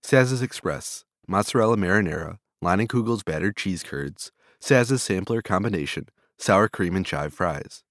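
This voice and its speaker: A man reading a long list of food vendors and menu items in a steady, flat delivery. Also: low-pitched, moderate pace, hardly any pauses, no echo, clean studio sound.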